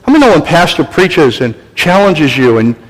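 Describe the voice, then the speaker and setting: A man's voice: fairly high pitch, sing-song, moderate pace. Older man preaching, echoey hall. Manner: exhorting, call-and-response with congregation. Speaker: pastor. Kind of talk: sermon.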